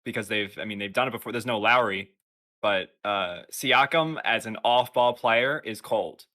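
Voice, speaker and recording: A young man co-hosting a casual podcast, giving a measured breakdown of a basketball question. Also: fairly low pitch, sharp tone. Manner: measured sports analysis. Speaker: podcast co-host. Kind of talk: casual chat.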